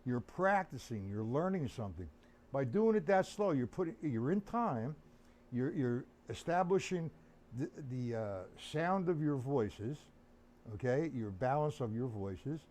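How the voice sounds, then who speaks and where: A man's voice: mid-range voice, expressive, unhurried, a little mellow, slight background noise. A man teaching drums on a live stream, chatting loosely and answering viewers by name. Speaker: drum teacher. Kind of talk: live-streamed drum lesson.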